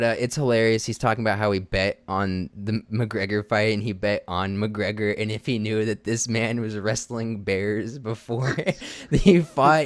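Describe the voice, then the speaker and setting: Man, mid pitch, casual chat, laughs a lot, repeats himself, dry close sound. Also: dry recording. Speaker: podcast co-host.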